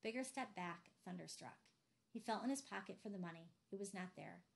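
Woman reading a novel aloud, steady and measured. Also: mid-range voice, gravelly. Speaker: audiobook reader. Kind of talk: novel narration.

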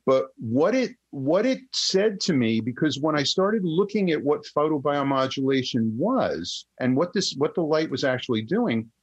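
A man's voice: on the high side, big pitch swings, moderate pace, few pauses, dull audio. An older man, a psychotherapist and researcher, telling a story in an interview with many restarts and acted-out quotes.

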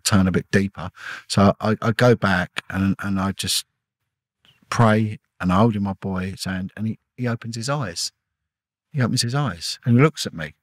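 A man's voice: fairly low pitch, a bit bright, no room sound. A middle-aged man, a former detective as a podcast guest, telling an emotional personal story intensely and acting out the dialogue. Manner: intense, repetitive, acts out quoted dialogue.

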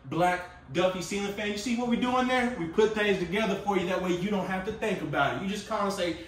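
A tiny home company host gives a casual sales walkthrough inside a small furnished tiny home, with upbeat salesy patter and calling viewers guys. His voice sits high and moves fast, sounding roomy from a distant mic.

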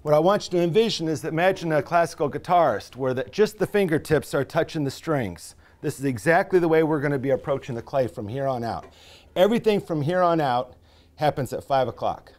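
A man, a pottery professor, giving a live step-by-step wheel demonstration with folksy comparisons, dropping to a quiet mutter as he works the clay. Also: on the high side, expressive, a little fast.

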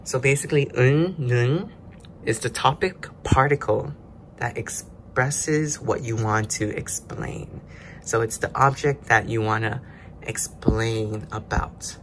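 A man's voice: mid-range voice, unhurried, a little hiss or hum. A man hosting a casual self-study video, explaining grammar step by step in a loose, chatty way. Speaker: language learner host.

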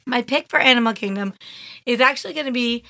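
A woman's voice: a little high, fast, bright, forceful tone, dry recording, studio quality. A woman co-hosting a podcast in casual chat, chatty and giggly, rambling. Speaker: podcast co-host.

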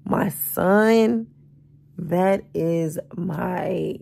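Groggy just-woke-up woman, gravelly voice. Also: on the low side, drawn-out words. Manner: expressive, emphatic, calls viewers y'all and baby. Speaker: vlogger. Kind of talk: casual morning vlog chat. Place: bedroom, lying in bed.

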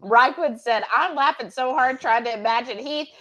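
Giggly high-voiced woman reading comments. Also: normal speed, fairly bright tone. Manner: giggly, laughs often while reading comments aloud. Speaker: co-host of a cooking livestream. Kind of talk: casual chat reading viewer comments.

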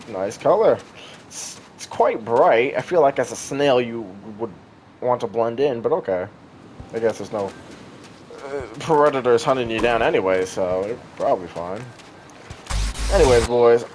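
A man's voice: mid-range voice, slight background noise. A young man giving sarcastic, jokey let's-play commentary, chatting to the game's characters as he plays. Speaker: gaming YouTuber.

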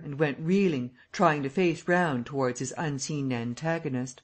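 A man reading a classic novel aloud as an audiobook narrator, telling the story in a steady, even way. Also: on the high side, moderate pace, few pauses.

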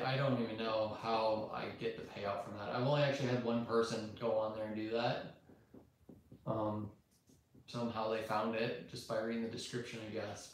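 A man in his thirties hosting a casual live-stream chat in a flat, monotone, rambling way. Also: fairly low pitch. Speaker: YouTube host. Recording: very echoey room, faint noise.

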